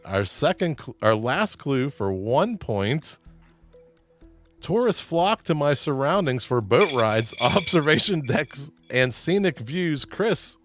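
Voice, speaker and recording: A man's voice: fairly high pitch, sing-song, slow. A man runs a trivia game show, reading out clues and teasing the contestants with easy laughter. His voice moves a lot, rising and dipping as he talks. Faint music plays in the background. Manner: playful, laughs often, jokes with players.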